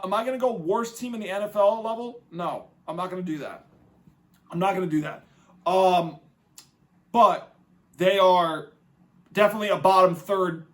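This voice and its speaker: Casting: male sports podcaster, high voice, sarcastic swearing rants. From New England, United States. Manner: animated, mocking, profane rants. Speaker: podcast host. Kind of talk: casual sports commentary.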